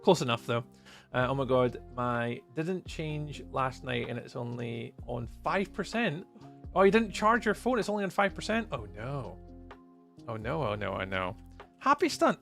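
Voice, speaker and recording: Lively gravelly Scottish man streaming. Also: on the high side. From Scotland. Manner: friendly, chatty, greets viewers by name. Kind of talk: live gameplay commentary, chatting with viewers.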